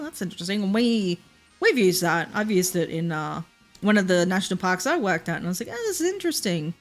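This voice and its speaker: A young woman with a Queensland Australian accent, chatting casually while streaming a game, rambling with lots of fillers and laughs. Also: on the low side. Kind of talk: casual gameplay chat.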